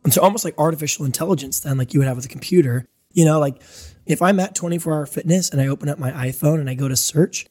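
Dark-voiced man preaching with animated stories. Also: fairly high pitch, quick pace. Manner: animated storytelling, acting out voices. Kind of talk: sermon.

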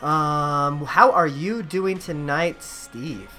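A man's voice: fairly high pitch, extremely slow, sharp tone, soft background music. A man hosting a casual gaming podcast, upbeat and chatty, laughing easily with his co-hosts. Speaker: podcast host.

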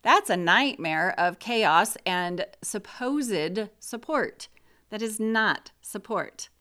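A woman's voice: mid-range voice, animated, slow pace, bright, forceful tone. A middle-aged woman talking casually and bluntly about grief and support, frank and opinionated.

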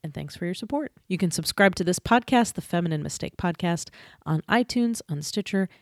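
A woman with a slightly low voice chats loosely on a podcast, rambling and self-deprecating with frequent giggles. Her sound is dry and close, with no room around it. Later she reads out the show's plugs and sponsor notes. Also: lively intonation, fairly quick, no room sound. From Atlanta, US. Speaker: podcast co-host. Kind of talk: casual chat and outro announcements.

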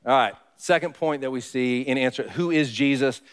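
A man's voice: mid-range voice, moderate pace, clear, resonant tone. A man preaching a sermon to his congregation in a conversational way, often asking the listeners questions. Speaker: pastor. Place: church sanctuary. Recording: long reverb of a church hall.

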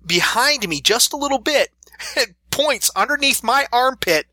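Animated man telling stories, bright voice. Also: very high voice, measured pace, no echo. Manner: animated storyteller, laughs through stories. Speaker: professional wrestler guest. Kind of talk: casual interview storytelling.

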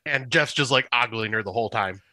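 A man's voice: mid-range voice, fairly quick, bright, forceful tone, dry recording. A man as a podcast guest, joking and laughing often while discussing a movie. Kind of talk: casual movie review chat.

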